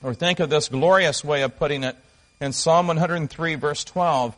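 A male pastor delivering a sermon in a voice a little higher than most men's. He speaks earnestly, leaning hard on key phrases, and pauses and restarts as he reads and explains passages. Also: a bit bright, rough recording.

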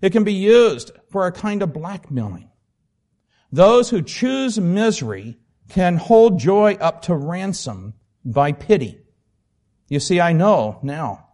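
A man voicing a calm, firm woman in heaven, reading in an earnest, measured way. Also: high-pitched, pitched above the performer's own voice, heavily acted. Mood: reproving.

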